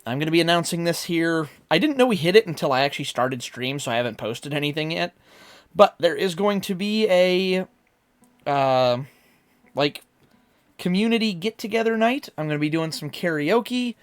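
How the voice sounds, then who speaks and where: A man streaming live who chats casually with his viewers, rambling and filling pauses with lots of ums and uhs. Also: on the high side, expressive. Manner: rambling and talkative, many fillers.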